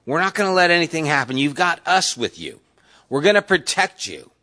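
A man's voice: a little high, sing-song, a little fast, bright, forceful tone, pitched above the performer's own voice. A man voicing a burly, earnest male fisherman disciple who pleads insistently. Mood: earnest pleading.

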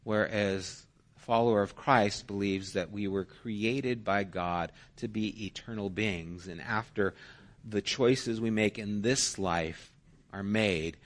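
A male pastor preaching a sermon in an earnest, conversational way, using everyday stories. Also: lowish voice.

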